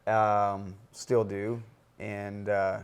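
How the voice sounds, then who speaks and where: A man hosting a casual podcast, with a fairly low voice and a gravelly, fry-heavy edge. He talks with eager enthusiasm, often reaching for the right word. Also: level tone, extremely slow. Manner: enthusiastic, searching for words, lots of "like" and "yeah". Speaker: podcast host.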